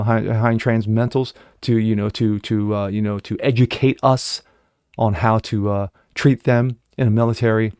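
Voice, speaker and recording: A middle-aged man rants on his own commentary show, swearing often and jumping from sudden loud bursts to low, bitter mutters. His voice sits at a middling pitch, and he mimics the people he quotes in a sneering tone. The sound is close and dry, with no room echo. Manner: profane ranting, swings from shouting to muttering; mocking put-on voices when quoting others. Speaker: host. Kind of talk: angry political commentary.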